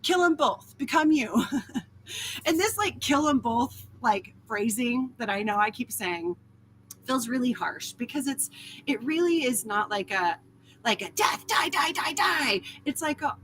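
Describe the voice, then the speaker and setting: A woman hosting a casual live stream, chatting through viewer comments in an animated, candid way, swearing freely and laughing often. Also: on the high side, unhurried, a little hiss or hum. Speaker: host of a live talk stream.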